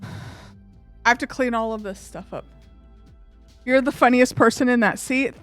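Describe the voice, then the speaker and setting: Woman, streamer, casual rambling chat, emotional and open, slightly high voice, faint background music. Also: a little slow, a bit bright. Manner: chatty and rambling, filled with 'like'.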